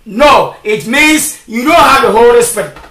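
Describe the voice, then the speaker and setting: A preacher delivering a shouted sermon, firing off repeated rhetorical questions. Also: mid-range voice, expressive, moderate pace. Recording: echoey, from far off.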